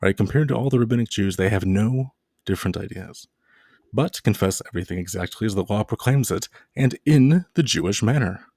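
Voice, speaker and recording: A man's voice: on the low side, fairly quick, dark tone, no room sound, studio quality. A man giving a casual video lecture, dropping playful jokes and mock-scary asides.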